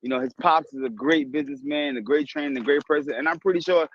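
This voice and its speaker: Calm former boxer, dull lo-fi audio. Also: male voice, on the high side, fast talker. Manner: calm, reassuring and conversational. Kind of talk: conversational interview.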